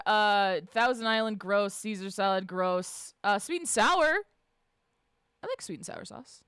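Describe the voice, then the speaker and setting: A woman streamer chatting casually with her live chat, swearing freely, laughing often and shouting out greetings. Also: mid-range voice, unhurried, clean tone, dry recording, clean studio sound. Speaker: livestreamer reading and answering chat.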